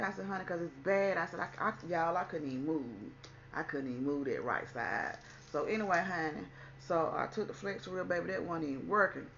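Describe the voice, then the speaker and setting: A woman telling a personal story in a casual storytime chat, chatty and animated, calling the listener "honey" and acting out what people said. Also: on the low side, a little fast, muffled recording, slight background noise. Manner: chatty, says "honey" a lot, acts out quotes. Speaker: vlogger.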